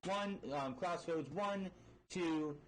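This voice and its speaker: A man's voice: on the high side, slow pace, a little hiss or hum, low-quality recording. A man casually recapping a wrestling match play-by-play, rambling with fillers and frequent swearing. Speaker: wrestling show reviewer.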